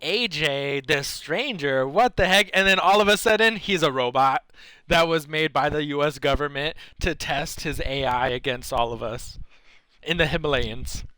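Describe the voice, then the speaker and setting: A man's voice: a little high, normal speed, pushed and bright, clear, resonant tone, no room sound. A man livestreaming a video game, chatting casually, rambling and answering his chat as he plays. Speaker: gaming livestreamer. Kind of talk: casual chat over gameplay.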